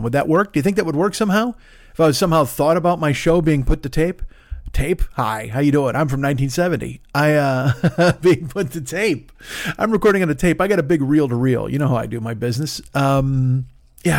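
Rambling, joking man with a higher voice. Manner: rambling, self-interrupting, sarcastic asides. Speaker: podcast host. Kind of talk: solo comedic monologue. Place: at a desk in a home studio. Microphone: studio microphone.

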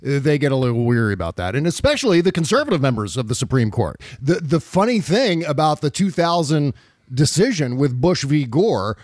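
A man's voice: on the high side, fairly quick, no echo. Dry-voiced man in casual political chat. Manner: animated, mocking quoted voices. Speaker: podcast co-host.

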